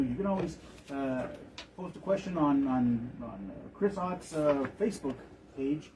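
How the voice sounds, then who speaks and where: A man who produces a radio show giving call-in details on air, reading numbers slowly. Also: mid-range voice, expressive, mellow, far from the mic, slight background noise, rough recording. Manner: reads phone number slowly, a few fillers. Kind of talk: on-air announcement.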